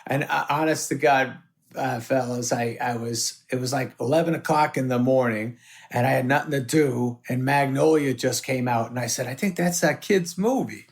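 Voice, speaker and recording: Gravelly man telling animated stories. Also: medium pitch, normal speed. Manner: animated, swears often, acts out voices in anecdotes. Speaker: guest. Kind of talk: casual storytelling chat.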